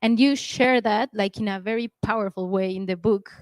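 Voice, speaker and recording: A woman's voice: mid-range voice, moderate pace, no echo, low-quality recording. A woman interviewing an author, asking earnest questions while searching for her words. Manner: earnest, searching for words, non-native phrasing.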